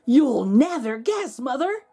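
A cheerful, quick-witted young boy from a fairy-tale book speaks eagerly in a high, bright voice, as a woman reading aloud puts him on. His lines rise and fall with lively energy. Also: slightly rough, heavily acted.

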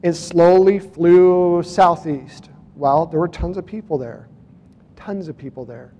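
A man's voice: high voice, slow pace, dark tone. A man telling a personal story to a conference audience in a casual, wry way. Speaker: conference speaker. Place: large conference hall. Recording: long reverb of a conference hall.

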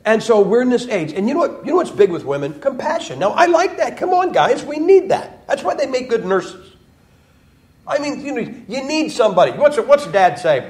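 A man's voice: very high-pitched, very animated, moderate pace. A man preaching in a church, joking and emphatic, with mocking quoted voices. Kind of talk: sermon.

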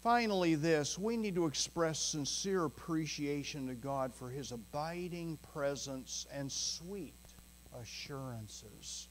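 A male pastor preaching a sermon in a church, earnest and emphatic, chuckling softly now and then and moving between slow, weighty phrases and quick bursts. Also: fairly high pitch, expressive, poor audio. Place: church sanctuary.

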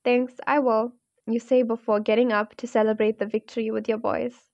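A woman narrating a second-person fan fiction story in a smooth, even storytelling manner. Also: a little high, a little fast, dull audio.

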